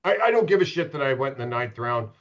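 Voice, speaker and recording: A man's voice: medium pitch, sing-song, fast. A middle-aged man spins loose, profane stories as a podcast guest, candid and mocking himself as he goes. His voice sits in an ordinary middle register, and the podcast audio is a little dull and lo-fi. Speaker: podcast guest, former pro hockey goalie. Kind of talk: casual storytelling.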